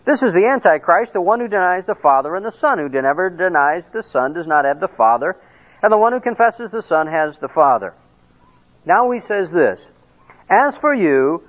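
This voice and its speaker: A middle-aged male pastor preaches in a high, very lively voice. He acts out quoted conversations and drops asides. The sound is tinny, like a phone line. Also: normal speed. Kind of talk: sermon.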